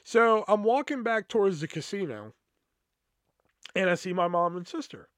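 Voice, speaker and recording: A young man tells a casual podcast story in a high, very lively voice. He rambles, swears often and leans on fillers. The recording sounds close and dry. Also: normal speed, no echo. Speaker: podcast host.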